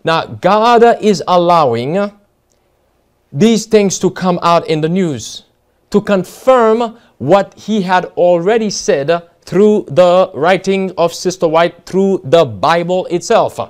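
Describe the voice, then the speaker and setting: A man's voice: sits high, takes it slowly, clear, resonant tone. An American man preaching a Bible study sermon, reading passages aloud with many fillers and restarts, stressing key words.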